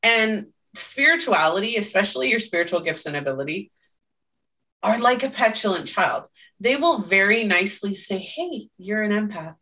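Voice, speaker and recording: Woman co-host, bright and emphatic, casual podcast talk, recorded a bit off-mic. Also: medium pitch, expressive, moderate pace, distant mic. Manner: emphatic, tags statements with "right?".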